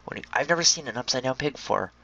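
A young man giving chatty, excitable commentary on a video game and talking to his viewers. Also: mid-range voice, racing, creaky, slightly rough, no echo, dull audio. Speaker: gameplay commentator. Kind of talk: casual gaming commentary.

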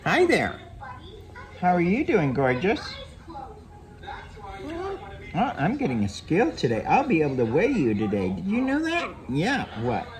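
Woman cooing to a parrot, lively pitch. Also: a little slow, long pauses, crowd noise. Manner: coaxing sing-song baby talk; gentle and affectionate. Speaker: parrot rescue caretaker. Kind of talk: talking to a pet bird.

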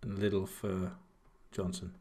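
A man's voice: low voice, flat delivery, a little slow, warm tone, husky. A young man, casually chatting and rambling while commentating on his own game. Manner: rambling, chatty, self-deprecating. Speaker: streamer.

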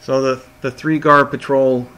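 A man's voice: medium pitch, little pitch movement, a little slow, sharp tone, clear, resonant tone. A man narrating as game master of a tabletop game, often repeating words as he goes.

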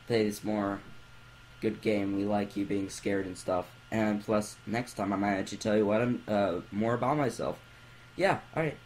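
A man's voice: on the low side, a little hiss or hum, low-quality recording. A young man giving jumpy let's play commentary from his bed, breaking into screams and goofy baby talk, on a computer mic. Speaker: gamer. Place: in bed at home.

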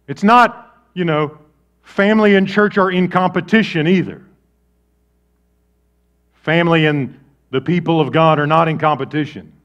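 A man preaching a sermon, swinging from loud, animated storytelling to quiet, low emphasis. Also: normal speed, long pauses, highs cut off. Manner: lively preaching with big swings in volume. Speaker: pastor.

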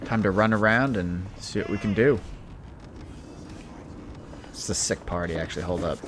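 Deep-voiced playful gaming host. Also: male voice, normal speed, noisy background. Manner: playful and self-deprecating. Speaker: let's-play host. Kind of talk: casual gameplay commentary.

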